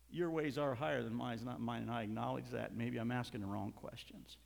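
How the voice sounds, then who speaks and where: Fervent preacher in an echoey hall. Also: male voice, mid-range voice, gravelly. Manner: swings from soft asides to loud fervent outbursts. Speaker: pastor. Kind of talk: sermon. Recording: reverberant hall.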